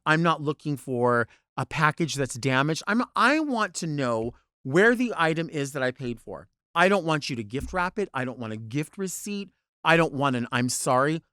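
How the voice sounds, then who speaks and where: A man's voice: on the high side, sharp tone, no room sound, studio quality. A man hosting a podcast, telling a long exasperated story and acting out both sides of it. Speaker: podcast host, drag performer. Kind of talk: animated storytelling rant.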